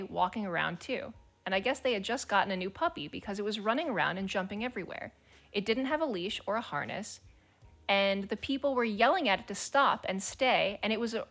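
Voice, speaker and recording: A woman's voice: medium pitch, a bit bright. A woman streamer chatting casually and reading forum posts aloud, blunt, swearing freely and laughing as she talks.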